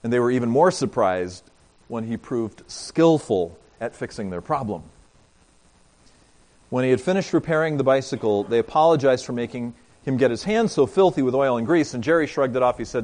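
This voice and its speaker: A pastor giving a sermon, telling a story and talking directly to his congregation. He moves between emphatic lines and quiet asides. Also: mid-range voice, expressive, moderate pace.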